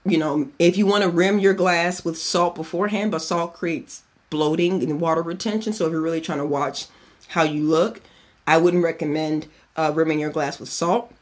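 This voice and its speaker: A man's voice: a little high, fairly even intonation, moderate pace. A man hosting a podcast in a casual chat, giving a cocktail recipe in a chatty, profane way and drifting off on tangents. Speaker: podcast host.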